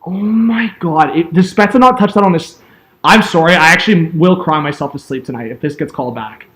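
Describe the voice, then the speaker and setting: A young man calling a hockey game as an excitable fan streamer, yelling at big plays and chatting with viewers. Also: a little high, brisk. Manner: yells and laughs at big plays, chats with viewers. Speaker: fan streamer doing live play-by-play. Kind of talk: excitable fan play-by-play commentary.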